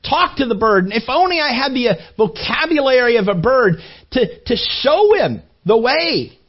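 A man's voice: very high voice, sing-song, moderate pace, voice pushed up, full character voice. A preacher voicing an exasperated father who scolds and pleads at a bird in a raised voice. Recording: dull lo-fi recording.

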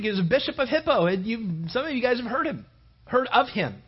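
High-voiced preaching pastor, dull recording. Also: male voice, big pitch swings, fast, husky. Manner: builds to loud, emphatic preaching. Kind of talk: sermon.

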